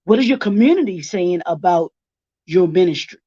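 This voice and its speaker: A man's voice: sits high, lively intonation, normal speed, mellow. A man leading a workshop presentation, firing off rhetorical questions and repeating each point twice. The recording is dull and lo-fi, with a dry, close sound and no room echo. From Baltimore.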